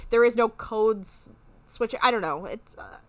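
A woman in casual chat, recapping a reality show with animated retellings and free swearing. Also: fairly high pitch, measured pace, no echo. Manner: animated, swears freely, acts out quoted lines. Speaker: podcast co-host.

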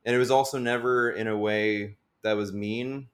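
A young male comedian talking in a loose, rambling way, leaning on "like" and breaking into laughter often. His voice sits a little low for a man. The chat is casual and unscripted. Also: steady tone, moderate pace. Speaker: stand-up comedian.

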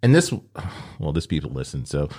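Very deep-voiced, animated man. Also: fairly quick. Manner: blunt, swears freely, animated delivery. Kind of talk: casual chat.

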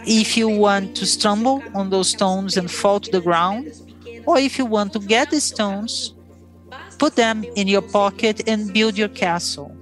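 A woman's voice: mid-range voice, measured pace, faint music behind. A Brazilian woman, a Portuguese native speaker, telling her own story with feeling and acting out the dialogue as a former player. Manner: emotional storytelling with quoted dialogue. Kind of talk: recounted personal story.

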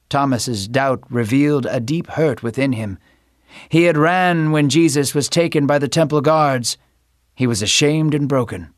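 A man narrating a scripted Bible story in a steady storytelling manner. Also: on the high side, normal speed, no room sound.

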